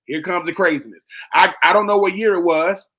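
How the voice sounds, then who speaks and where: A young man talks sports with a noticeably high voice. He is emphatic and animated, hammering points by repeating them. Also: a little fast. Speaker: co-host. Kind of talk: sports talk radio chat.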